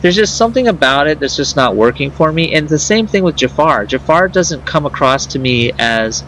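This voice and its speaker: A man's voice: a little high, lively intonation, normal speed, fairly bright tone, slight background noise, rough recording. A man co-hosting a casual movie podcast, talking hesitantly with many fillers. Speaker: podcast co-host.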